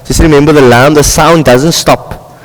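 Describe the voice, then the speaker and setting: A man with a South African accent teaching a class on Quran recitation rules, checking in with his students constantly and modelling words slowly. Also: fairly high pitch, steady tone, in a large hall, rough recording. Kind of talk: classroom tajweed lesson.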